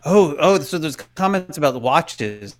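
Animated rambling man co-hosting a podcast. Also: a little high, unhurried. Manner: animated, rambling, self-interrupting storyteller. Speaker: podcast co-host. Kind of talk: casual chat.

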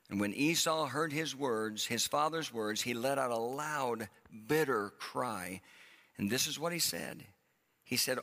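A man preaches from the pulpit and reads scripture with drama, slowing down to stress key words. His voice is bright and forceful, at a mid pitch. It carries a long reverb through the church sanctuary. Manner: dramatic reading, slowing for emphasis. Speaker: pastor. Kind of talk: sermon with scripture reading.

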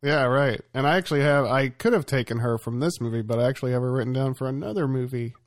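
Chatty podcast host, dry close sound. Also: male voice, medium pitch, fast, no room sound. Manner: laughs often, relaxed and chatty. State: sick. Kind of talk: casual movie chat.

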